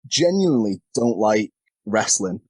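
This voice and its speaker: A man with a fairly low, husky voice chats candidly as a guest, often poking fun at himself and laughing. The sound is dry and close, taken over a remote call. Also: sing-song, unhurried, darkish tone, no room sound, faint music behind. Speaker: wrestler and podcast guest. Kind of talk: casual chat.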